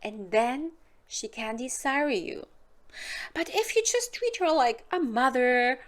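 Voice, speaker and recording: A woman's voice: high voice, lively intonation, slow. A woman from Germany with a German accent, talking frankly and casually to camera as a hypnotist and sex advisor, acting out little scenes in silly voices. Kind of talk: casual direct-to-camera advice.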